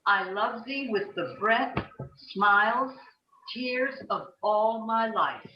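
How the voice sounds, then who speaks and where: A woman's voice: fairly high pitch, noisy background. Distant woman reciting a poem, roomy and muffled. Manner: earnest, measured recitation. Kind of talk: poetry reading.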